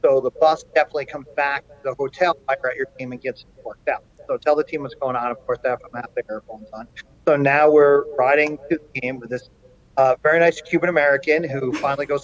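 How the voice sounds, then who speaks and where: A man's voice: mid-range voice, quick pace. Talkative man with a muffled sound. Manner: animated anecdote-telling with frequent fillers. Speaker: college hockey coach. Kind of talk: storytelling in a sports interview.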